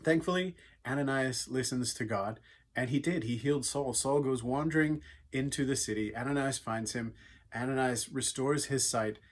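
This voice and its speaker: Earnest husky-voiced man giving a devotional talk. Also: mid-range voice, normal speed. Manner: earnest, conversational, with frequent fillers. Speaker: youth speaker. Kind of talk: devotional talk retelling a Bible story.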